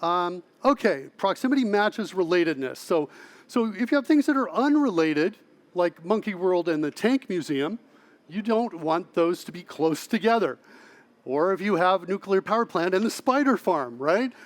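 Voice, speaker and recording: A man with a fairly high voice presents a technical talk at a conference. He talks in a lively way, keeps checking in with his audience, and often restarts his phrases. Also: normal speed. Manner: lively, asks audience "right?" often, self-correcting restarts. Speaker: conference speaker. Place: large conference hall.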